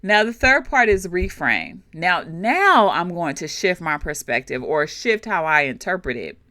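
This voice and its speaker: A woman hosts a coaching podcast in a warm, conversational manner, speaking straight to her audience. Her pitch rises and falls a lot as she explains things. The recording is dry, with no room sound. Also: measured pace, no echo. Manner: animated, conversational, addresses listeners directly. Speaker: leadership coach and podcast host.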